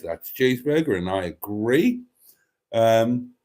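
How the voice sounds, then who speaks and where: Man, somewhat low voice, rambling livestream chat, lots of ums and restarts. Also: lively intonation, moderate pace, darkish tone. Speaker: YouTube channel host. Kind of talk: casual livestream chat reading viewer comments.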